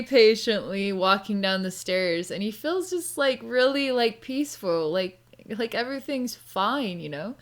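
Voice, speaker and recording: A woman's voice: mid-range voice, a little slow, few pauses, a bit bright. Chatty woman giving a psychic reading. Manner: chatty, rambling, many filler words. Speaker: psychic reader. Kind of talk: casual spoken psychic session.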